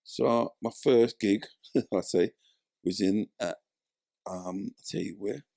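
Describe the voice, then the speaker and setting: Here the ex-footballer takes his time, his voice on the low side and touched with vocal fry, as he animatedly acts out the people in his story for a casual interview. The studio sound is clean, with no echo.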